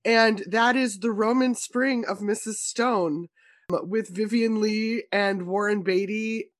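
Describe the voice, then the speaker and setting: A woman's voice: medium pitch, steady tone, slow pace, dry recording. A woman hosting a casual film podcast, speaking with chatty enthusiasm and firm opinions. The recording is dry and close, with little room sound. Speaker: podcast host.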